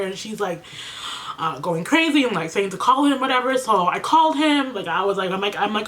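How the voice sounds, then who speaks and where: A woman's voice: medium pitch, normal speed, fairly bright tone. A woman vlogger telling a painful personal story to her viewers, chatty, full of fillers and close to tears. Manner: chatty, fills with "like", speaks to viewers as "you guys". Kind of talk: emotional get-ready-with-me storytelling.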